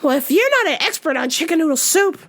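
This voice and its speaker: A woman's voice: lively intonation, fast talker, fairly bright tone. A woman voicing an insistent, confused woman customer calling a store on the phone. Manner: shrill, insistent.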